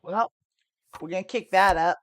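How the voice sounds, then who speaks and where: A woman's voice: fairly low pitch, normal speed, no echo, clean studio sound. An American woman streaming online poker, talking casually as she plays and explains her moves, chatty and self-mocking, laughing often and swearing lightly. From United States. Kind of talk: live-stream gameplay commentary.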